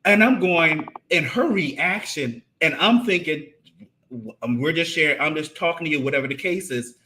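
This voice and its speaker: An animated man co-hosting a marriage talk show, often circling back over his own words. His voice sits somewhat high and has a bright, forceful edge. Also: normal speed. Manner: animated, repeats and restarts phrases. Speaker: podcast co-host. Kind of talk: casual conversation about marriage.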